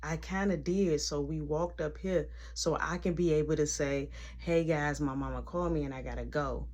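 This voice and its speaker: A woman voicing a young woman who pleads and explains herself in a soft, hushed voice. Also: mid-range voice, steady tone, moderate pace, pitched below the performer's own voice, natural voice.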